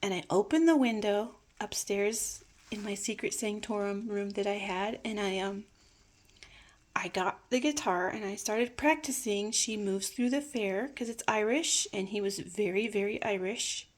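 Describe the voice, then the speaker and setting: An older woman telling a personal family story in a slow, reflective way, sometimes dropping to hushed asides. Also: medium pitch.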